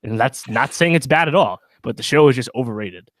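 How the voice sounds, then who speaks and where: A man's voice: mid-range voice, animated, brisk, dry recording. A man co-hosting a podcast, chatting casually through a TV review with plenty of fillers and restarts. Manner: rambling, many fillers and restarts. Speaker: podcast co-host.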